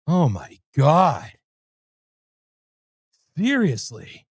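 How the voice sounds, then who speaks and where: A man hosting a livestream, delivering loud, brash, sarcastic commentary laced with profanity. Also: a little high, huge pitch swings, drawn-out words, husky, no room sound, studio quality. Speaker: livestream host. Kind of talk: ranting commentary.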